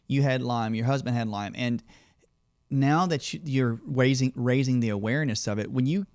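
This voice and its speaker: A man's voice: mid-range voice, moderate pace, darkish tone, no room sound, clean studio sound. A man hosting a podcast, a doctor who chats casually and asks long, rambling questions. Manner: rambling questions, frequent affirming backchannels. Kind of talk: casual interview chat.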